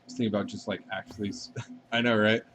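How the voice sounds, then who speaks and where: A man's voice: lowish voice, flat delivery, fairly quick, noisy background. A man chatting casually and rambling while playing a game on a live stream, swearing freely and answering viewer questions.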